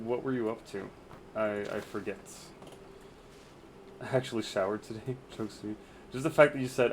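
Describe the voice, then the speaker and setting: A man's voice: lowish voice, slight background noise, low-quality recording. A man streaming a game, chatting casually with crude, teasing banter and frequent laughter. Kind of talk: casual chat while gaming.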